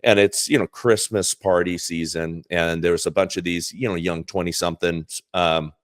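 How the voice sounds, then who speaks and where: A man's voice: low-pitched, steady tone, normal speed, no room sound, clean studio sound. A man co-hosting a casual political chat, rambling with many fillers and restarts. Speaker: co-host.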